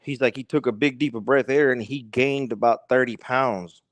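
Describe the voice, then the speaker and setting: A man's voice: medium pitch, fairly even intonation, moderate pace, no room sound. A man as a podcast guest, telling a long story in a rambling way, stringing it together with "he's like" and "he goes". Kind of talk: casual storytelling.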